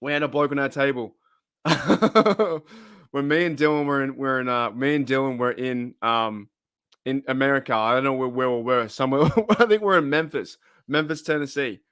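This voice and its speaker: A man's voice: medium pitch, normal speed, a bit bright, clean tone, no room sound, studio quality. A young Australian man chatting casually on his channel, rambling off on tangents and chuckling often. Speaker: channel host. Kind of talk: casual live-stream chat.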